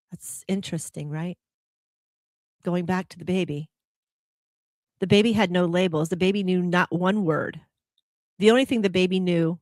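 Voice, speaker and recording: This woman's voice sits on the lower side, captured dry at studio quality. As host of a contemplative spiritual podcast, she frequently asks her audience rhetorical questions, staying lively and laughing whenever she shares stories about herself.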